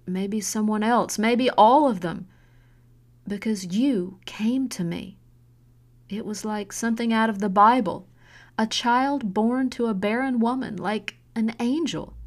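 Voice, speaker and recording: A woman voicing an intense middle-aged mother. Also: fairly high pitch. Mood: earnest, pleading. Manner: earnest, pressing, slow deliberate pleading. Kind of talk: audiobook character voicing.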